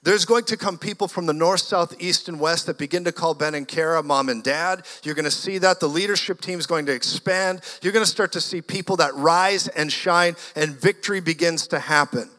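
A man delivers an animated sermon, swinging from hushed storytelling to loud declarations. His voice is bright and forceful, sitting a bit high for a man. It rings out with the long reverb of a church hall. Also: brisk, hardly any pauses. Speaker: guest preacher. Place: church sanctuary.

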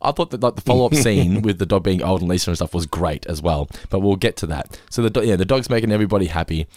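A man chatting casually as a podcast co-host, telling stories with lively swearing and acted-out voices. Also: low-pitched, fast talker, few pauses, no echo, clean studio sound. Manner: animated storytelling, swearing, acting out voices. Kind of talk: casual chat.

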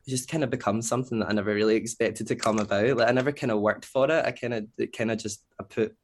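A young Scottish man, a producer and DJ appearing as a podcast guest, chats in a relaxed, rambling way full of fillers. His voice is fairly low and quick, with a little hiss or hum on the recording.

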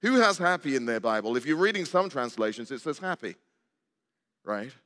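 A man's voice: medium pitch, sing-song, moderate pace, fairly bright tone. An older male preacher giving a conversational sermon in a church, asking the congregation questions and joking with them. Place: church sanctuary. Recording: long hall reverb.

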